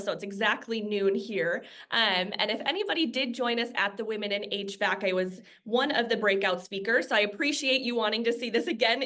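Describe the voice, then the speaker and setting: A woman's voice: on the high side, fairly bright tone. A woman giving an interactive presentation as guest speaker over a video call, upbeat and inviting participation.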